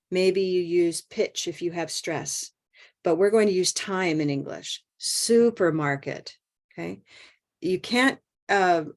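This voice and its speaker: A woman teaching English pronunciation in an online group lesson, encouraging and stretching out stressed words slowly. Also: fairly low pitch.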